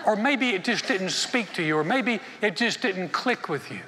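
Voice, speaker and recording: Folksy pastor in an echoing hall. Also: male voice, high voice, expressive, normal speed, very noisy. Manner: folksy storytelling, acts out little dialogues. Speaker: senior pastor. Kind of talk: sermon. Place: church auditorium. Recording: long hall reverb.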